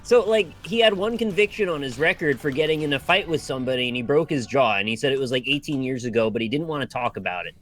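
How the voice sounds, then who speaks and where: A man in casual chat, relaxed and laughing often as he retells scenes. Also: mid-range voice, quick pace, few pauses, a little hiss or hum.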